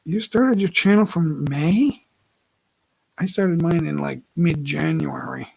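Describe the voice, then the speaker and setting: Gravelly-voiced man chatting on a livestream. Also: on the high side, slow, dry recording, low-quality recording. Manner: rambling, self-correcting, laughs often. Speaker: livestream host. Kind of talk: casual live-stream chat. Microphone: laptop mic.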